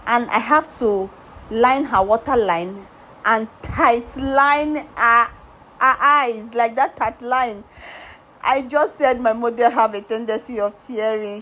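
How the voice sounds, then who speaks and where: A woman's voice: a little high, slow pace, sharp tone, poor audio. A woman makeup artist narrating a tutorial, talking straight to her viewers, repeating words for emphasis and asking rhetorical questions. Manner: talks directly to viewers, coaxing and reassuring.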